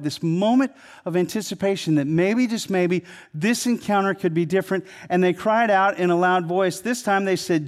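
A man preaching a sermon in a conversational way, building to emphatic peaks and then dropping low. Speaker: pastor.

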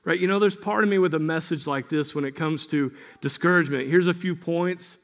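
A man preaching a sermon as pastor, earnest and conversational, often checking in with "right?" and growing quiet and gentle as he leads prayer. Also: on the high side. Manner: earnest, repeats key phrases, asks "right?"; turns quiet and slow while leading prayer.

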